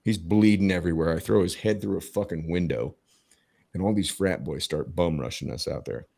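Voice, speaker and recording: A man's voice: sits low, fairly quick, gravelly, darkish tone. A middle-aged man hosting a podcast, telling a story casually and emphatically, swearing heavily and restarting his sentences. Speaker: podcast host.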